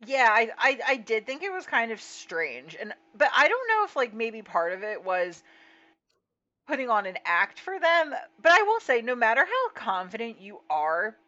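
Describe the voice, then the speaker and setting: A woman's voice: on the high side, very animated, normal speed, bright, forceful tone. A woman co-hosting a podcast in casual chat, easygoing with wry, sarcastic asides. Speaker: podcast co-host. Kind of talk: casual chat recapping a reality show. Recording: slightly dull lo-fi audio.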